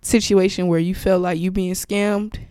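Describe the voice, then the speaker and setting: A woman hosting her own podcast from home, telling a story in a profane, blunt, animated way and acting out what other people said. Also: medium pitch, normal speed, smooth, no room sound, clean studio sound. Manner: profane, blunt and animated, acts out quoted exchanges. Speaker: podcast host. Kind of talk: casual storytelling chat. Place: at home, with her dog nearby. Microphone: podcast mic, wearing headphones.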